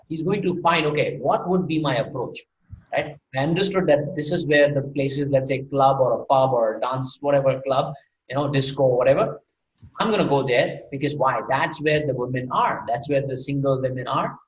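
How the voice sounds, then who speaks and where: Lively, high-voiced male sales trainer. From India. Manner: lively, asks many rhetorical questions, laughs often. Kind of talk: online workshop teaching. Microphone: online call mic. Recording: echoey room with faint noise.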